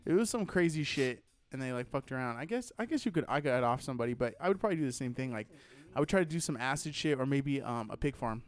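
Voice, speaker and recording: A man's voice: mid-range voice, lively intonation, quick pace, soft background music. A man in casual podcast chat, telling stories with profanity and laughter.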